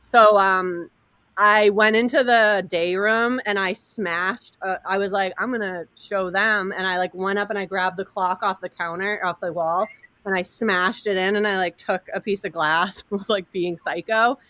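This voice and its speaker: A woman in her thirties telling a wild personal story in casual chat, animated and laughing, acting out quotes over a video call. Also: mid-range voice, moderate pace, dry recording.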